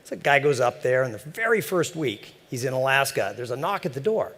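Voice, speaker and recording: A man's voice: mid-range voice, big pitch swings, fairly quick, fairly bright tone. A man giving a conference talk in a joking, chatty way with many fillers, from a large conference hall over a PA mic. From San Francisco Bay Area. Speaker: conference speaker.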